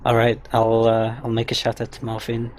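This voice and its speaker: A man's voice: mid-range voice, monotone, brisk, slight background noise. Joking man player on voice chat. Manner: joking, teasing. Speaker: player guest. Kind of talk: casual post-match chat. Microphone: online voice chat.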